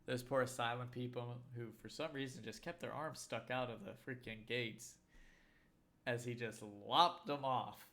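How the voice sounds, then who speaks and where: A man's voice: medium pitch, fairly even intonation, moderate pace, pushed and bright. A man co-hosting a casual podcast chat, rambling and wry, often trailing off mid-thought. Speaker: podcast co-host.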